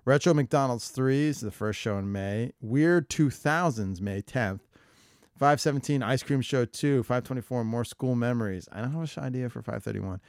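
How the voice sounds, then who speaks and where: A man's voice: medium pitch, moderate pace, darkish tone, dry recording, clean studio sound. A man co-hosting a podcast, rambling and joking casually while filling airtime, swearing freely. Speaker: podcast co-host.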